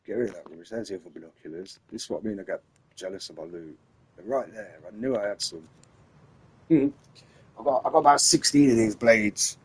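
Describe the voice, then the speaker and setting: Tired man with a low voice. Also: a little fast, breathy edge, low-quality recording. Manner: rambling, repeats and restarts phrases, giving tips to viewers. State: tired, late at night. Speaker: gamer streaming his play. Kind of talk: casual gameplay commentary.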